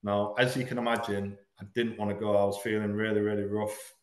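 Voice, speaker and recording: A man from Hull, frankly telling a painful personal story as a podcast guest, halting at the hardest moments. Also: fairly low pitch, flat delivery, echoey room. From Hull, England. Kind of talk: candid personal storytelling in an interview.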